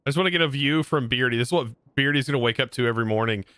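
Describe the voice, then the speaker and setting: Guy rambling on a game stream, bright crisp voice. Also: mid-range voice, rapid-fire, dry recording. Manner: rambling, with frequent restarts and laughs. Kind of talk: casual gameplay livestream chat.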